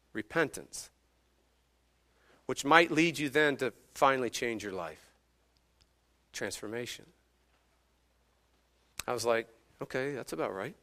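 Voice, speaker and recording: A man in his thirties preaching a sermon as pastor, swinging from hushed, slow phrases to emphatic, rising ones. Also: fairly high pitch.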